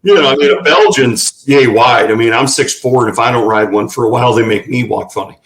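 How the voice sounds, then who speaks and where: A man's voice: mid-range voice, a little fast, a bit bright, slight background noise, rough recording. A man telling folksy anecdotes in a casual interview, with plenty of fillers. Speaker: ranch representative.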